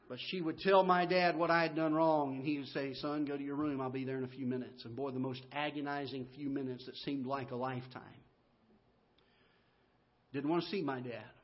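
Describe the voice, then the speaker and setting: A middle-aged male pastor preaching a sermon in a church, telling folksy stories that swing from loud to hushed. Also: fairly high pitch, highs cut off. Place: church sanctuary.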